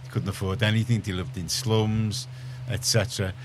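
A man's voice: lowish voice, level tone, moderate pace, a little hiss or hum. A middle-aged man, telling stories in casual radio chat, full of restarts and asides. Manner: rambling storyteller, many restarts.

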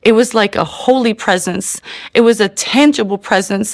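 A woman's voice: on the high side, moderate pace, fairly bright tone, no echo, studio quality. A middle-aged woman giving an emotional personal testimony in a tearful manner, with many repeated "you know"s. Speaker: testimony speaker.

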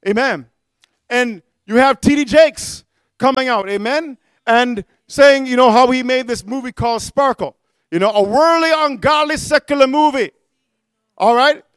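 Fervent male preacher, very high and sharp voice, dry close sound, sermon delivery punctuated by amens. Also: moderate pace, smooth, no room sound. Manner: mocking impressions of other preachers.

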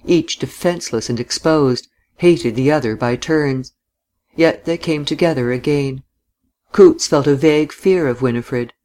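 Give me a man narrating an audiobook in a measured, even reading voice. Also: medium pitch. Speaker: audiobook reader. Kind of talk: scripted narration of a novel.

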